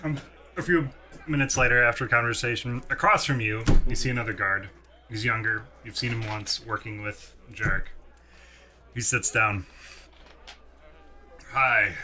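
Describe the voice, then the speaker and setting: A man's voice: mid-range voice, fairly even intonation, normal speed, crowd noise. A man narrating as game master of a tabletop game, in a laid-back, amused way.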